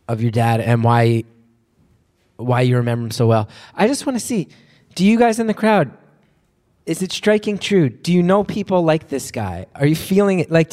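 A man's voice: on the high side, a little mellow, long reverb tail. A man hosting a live podcast, chatty and self-deprecating, often restarting his sentences. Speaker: podcast host. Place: live venue before an audience.

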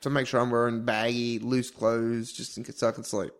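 A man's voice: medium pitch, level tone, normal speed. A man from Melbourne with an Australian accent co-hosting a podcast, easygoing and slangy, swearing and calling his friend mate. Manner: laid-back, slangy, swears, says "mate". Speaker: podcast co-host. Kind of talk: casual banter.

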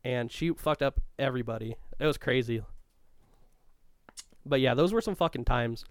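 A man's voice: medium pitch, normal speed, clear, resonant tone, dry recording, studio quality. A man in casual chat, recalling school days with a rambling, profane manner and frequent laughs. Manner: stops to look things up mid-talk. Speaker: co-host reminiscing about school days.

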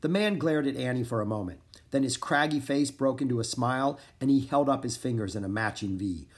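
A man's voice: mid-range voice, a little fast, breathy edge. A man reading a children's chapter book aloud as narrator, acting out the characters' lines. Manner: expressive, acts out the characters' lines. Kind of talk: storybook read-aloud.

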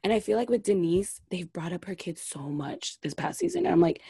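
Female podcast co-host, husky, outspoken, swears, dry close sound. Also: medium pitch, very animated, moderate pace, hardly any pauses, mellow, no room sound. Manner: blunt, opinionated, swears freely. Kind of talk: casual reality TV recap chat.

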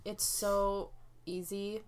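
A woman's voice: mid-range voice, little pitch movement, drawn-out words. A young woman talking casually about parenting, rambling with lots of "like" and "you know" as she goes. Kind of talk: casual chat.

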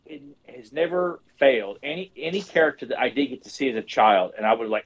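A man co-hosting a podcast in casual chat, animated, swearing and restarting often. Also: medium pitch, fast, few pauses, highs cut off. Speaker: podcast co-host.

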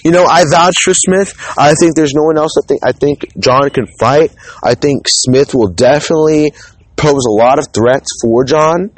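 A man's voice: fairly high pitch, normal speed, dry recording. A man hosting a solo podcast, talking casually and rambling, with frequent restarts and the odd swear word. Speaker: podcast host.

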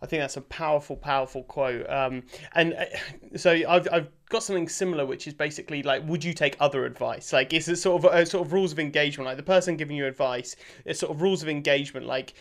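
A man's voice: on the high side, fast talker, a bit bright. A British man hosting a casual interview, chatty and full of fillers, laughing easily. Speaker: podcast host.

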